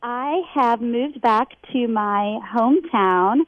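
A woman calls in to an advice show and talks slowly and thoughtfully, candid about her situation. Her voice is a touch high. The recording is dry, with no room sound. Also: no room sound, phone-quality sound. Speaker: caller. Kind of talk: phone-in talk.

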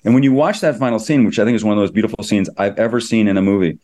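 A middle-aged man, a screenwriter, telling stories in an interview with quick enthusiasm and many restarts. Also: on the low side, darkish tone. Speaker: screenwriter and producer. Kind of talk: interview, anecdotal storytelling.

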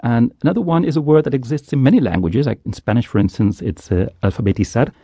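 A man's voice: mid-range voice, fast, dark tone, husky, no echo, clean studio sound. A man from the Netherlands, a linguist being interviewed, explaining words thoughtfully and patiently with small hesitations. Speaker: linguist and journalist, guest. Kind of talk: interview over a studio line.

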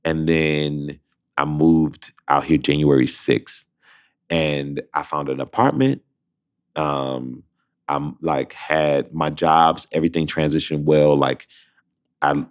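Deep-voiced man telling animated stories. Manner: animated, acts out voices in anecdotes. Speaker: interview guest. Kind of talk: casual storytelling.

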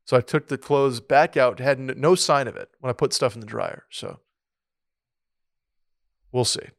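A man co-hosts a laid-back sports podcast, wandering through his thoughts with plenty of restarts and "like"s. His voice sits at a middle pitch, and the studio mic sound is close and dry, with no room behind it. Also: normal speed, no room sound. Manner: rambling, many restarts and fillers. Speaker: podcast co-host. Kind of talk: casual sports podcast chat.

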